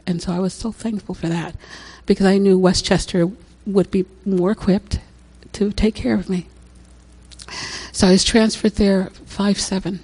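An older woman shares a personal story as a casual testimony, chatting, laughing frequently, and repeating herself. Her mid-range voice is a little mellow and slightly rough.

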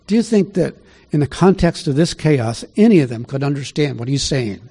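A man's voice: fairly high pitch, animated, a little fast, few pauses, warm tone, breathy edge. A man preaching a conversational sermon, reading scripture aloud and asking his listeners questions along the way. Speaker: pastor. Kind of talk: sermon Bible teaching.

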